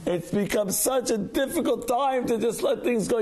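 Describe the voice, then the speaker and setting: A man, a rabbi, giving a Torah class as a lively storyteller who acts out the voices of people in his stories. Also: very high voice, normal speed.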